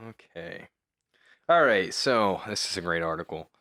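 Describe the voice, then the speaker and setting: A young man with a very deep voice, relaxed and dry in casual podcast chat. He keeps his answers short and even, recorded close with no room sound. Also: measured pace, dry recording. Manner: laid-back, dry, short replies. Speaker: podcast co-host.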